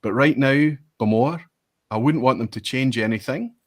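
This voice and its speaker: A man, a whisky reviewer, telling an animated, self-mocking story in casual chat over a video call. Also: medium pitch, moderate pace. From Scotland.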